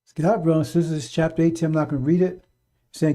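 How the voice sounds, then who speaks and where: A man's voice: a little high, steady tone, racing, warm tone. A middle-aged man giving a fiery, off-the-cuff radio sermon, blunt and profane, repeating his warnings over and over. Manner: blunt, profane, repetitive exhortation. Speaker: radio preacher.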